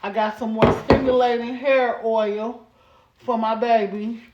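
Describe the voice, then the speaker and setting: A woman vlogging at home as a mom, chatting casually to the camera in a playful, animated way and calling her viewers baby and girl. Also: fairly high pitch, measured pace, lo-fi sound, heavy background noise. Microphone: camera set up on a stand. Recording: roomy echo.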